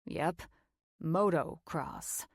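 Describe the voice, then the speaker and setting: A woman voicing a confident, teasing young man who coaxes gently, in a lowered, softer voice. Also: drawn-out words, breathy edge, dry recording, studio quality, full character voice. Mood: coaxing. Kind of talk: audiobook character voice.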